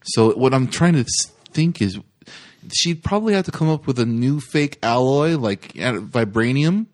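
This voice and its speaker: A laid-back man on a casual film podcast, cracking jokes as he lays out his ideas. His speech is loose and relaxed. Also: mid-range voice, normal speed. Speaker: podcast co-host. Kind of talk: casual movie discussion.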